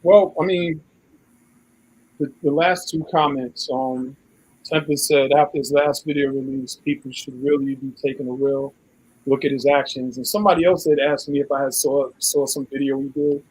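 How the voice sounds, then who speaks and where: A man's voice: medium pitch, fairly even intonation, moderate pace, a little mellow, breathy edge, rough recording. A man co-hosting a live online talk show in casual chat, telling long stories and acting out what others said in a raised voice. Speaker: co-host.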